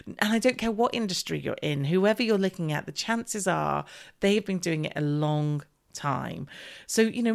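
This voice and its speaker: A middle-aged woman, hosting a solo podcast as a business coach, talking directly and emphatically and repeating her key points. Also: lowish voice.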